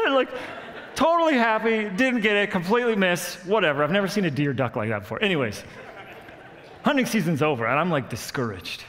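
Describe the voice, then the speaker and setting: Animated male pastor telling a story in a hall. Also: high voice, quick pace. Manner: animated storyteller, acts out quotes, laughs at himself. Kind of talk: sermon with personal story. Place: church hall. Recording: long reverb of a church hall.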